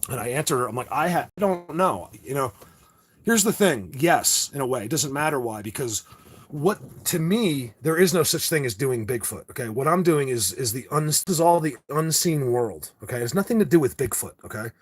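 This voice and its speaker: A man hosting a live video, talking excitedly and rambling straight to his viewers. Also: mid-range voice, fairly quick, slightly rough. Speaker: livestream host.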